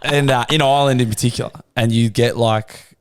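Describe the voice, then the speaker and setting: A man's voice: mid-range voice, steady tone, a little fast, clean tone. An Australian man co-hosting a podcast, telling crude, joking stories in casual chat. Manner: crude, jokey storytelling, slips into silly voices. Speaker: podcast co-host.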